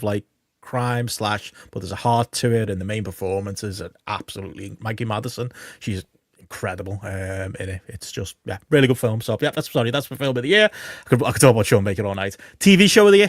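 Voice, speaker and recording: A man co-hosts a podcast in easy casual chat, enthusiastic and rambling, with many ums along the way. His voice sits at a middling pitch and the recording is close and dry. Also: fast talker, no echo. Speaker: podcast co-host.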